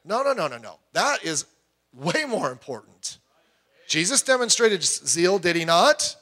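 A middle-aged man preaching a sermon, emphatic, swinging between loud urging and quiet asides. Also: sits high, sing-song, measured pace. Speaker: pastor.

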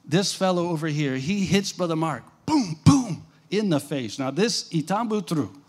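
At a moderate pace and in a somewhat high, animated voice, a man preaches as a missionary. His sermon unfolds as a dramatic story, punctuated by frequent questions to the audience.

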